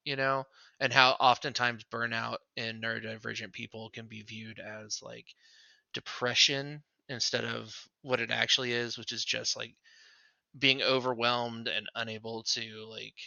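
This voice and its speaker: A man's voice: medium pitch, level tone, measured pace, gravelly, pushed and bright, dry recording, lo-fi sound. A man co-hosting a podcast in casual chat, rambling with lots of fillers. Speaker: podcast co-host.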